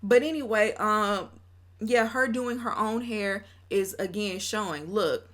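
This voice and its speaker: A woman's voice: mid-range voice, a little slow. A woman vlogger talking through her casual commentary in a chatty, opinionated way, often breaking into laughs.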